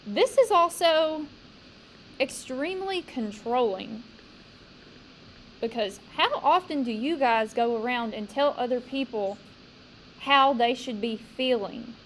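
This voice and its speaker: Woman teacher going over a poem with her class, slow, pretty high voice, bit of room hiss. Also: expressive, fairly bright tone, poor audio. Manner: slow, questioning, emphatic. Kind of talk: classroom poetry discussion.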